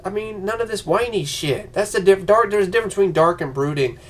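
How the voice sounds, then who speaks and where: A man's voice: high-pitched, fast talker, fairly bright tone. A man ranting on a vlog, profane and heated, slipping into mocking voices. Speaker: vlogger.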